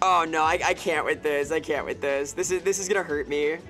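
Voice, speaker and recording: A woman's voice: deep voice, fairly quick, a bit bright, faint music behind. A woman streamer chatting casually while playing a game, talkative, laughing often and answering chat.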